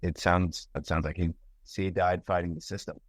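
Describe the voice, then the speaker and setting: A man hosting a podcast interview, soft-spoken and hesitant in casual chat. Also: low voice, little pitch movement, moderate pace, dry recording. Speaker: podcast host.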